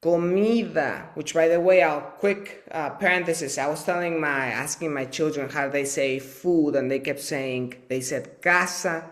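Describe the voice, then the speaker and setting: A man leads a live bilingual Spanish lesson, slowly calling out vocabulary words for viewers to repeat and chatting casually between drills. His voice is a little high with a fairly bright tone.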